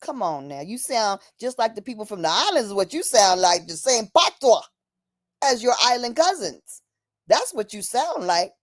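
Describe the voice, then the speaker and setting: A woman hosting a livestream speaks at normal speed in a fairly high voice full of big pitch swings. Recorded dry and close on her streaming mic, she lectures passionately, calls the viewer "honey," and acts out quoted speech.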